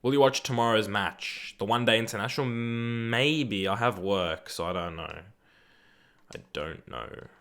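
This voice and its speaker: A man's voice: lowish voice, measured pace, fairly bright tone, clear, resonant tone. A young Australian man streaming a game live, chatting in a laid-back, rambling way, answering viewers and swearing casually. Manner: reads viewer chat aloud and answers it. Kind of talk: live gaming stream chat.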